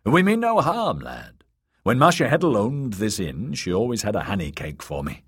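A gentle, kindly old holy man who speaks in soothing tones, voiced by a male narrator. The voice has a husky grain and a wide, lively pitch. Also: normal speed, no room sound, studio quality, exaggerated voice. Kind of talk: audiobook character voice.

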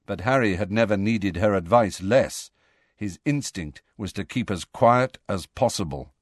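A man reading a novel aloud as an audiobook narrator, in a measured storytelling manner. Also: lowish voice, dry recording, clean studio sound. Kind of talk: scripted narration.

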